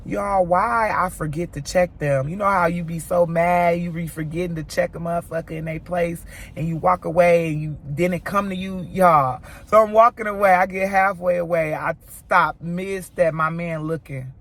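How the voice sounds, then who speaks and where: A woman telling a storytime vlog to her viewers, animated and profane, acting out what others said. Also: on the low side, normal speed. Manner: animated, profane retelling, voicing quoted people; talks straight to viewers as "y'all". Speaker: mom vlogger.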